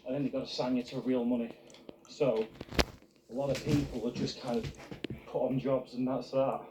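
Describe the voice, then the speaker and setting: A man tells a travel story to his camera in an earnest, reflective way. His voice sits at an ordinary middle pitch. The sound is roomy and open, with clear outdoor noise underneath. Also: flat delivery, moderate pace. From United Kingdom. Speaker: travel vlogger. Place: outdoors in a park.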